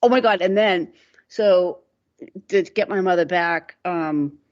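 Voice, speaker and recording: A middle-aged woman co-hosts a radio talk show, telling stories in a rambling, casual way, laughing and filling her speech with "like." Her voice is on the low side and slow, and the sound is dull lo-fi radio.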